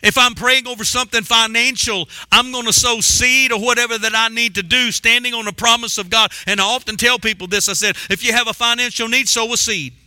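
A man preaching with a high, very bright and cutting voice. He drives points home with emphatic repetition and calls for the congregation to respond, and the sound is close and dry with no room echo. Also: steady tone, brisk, hardly any pauses. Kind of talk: sermon.

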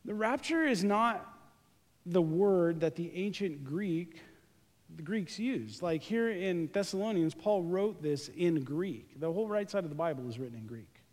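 A man preaching a lively, joking sermon, speaking straight to his congregation during a live church service. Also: high voice, unhurried. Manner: joking, animated, talks to the congregation directly. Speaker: pastor. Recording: live church recording with long hall reverb.

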